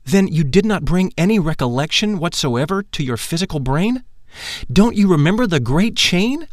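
A man's voice: sits high, big pitch swings, normal speed, dry recording, clean studio sound, voice pushed up. A man reading the part of a wise female adept in an audiobook, earnest and questioning.

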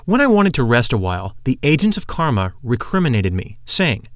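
A man giving a measured, solemn scripted narration. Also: medium pitch, very animated, no room sound, clean studio sound. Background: faint music.

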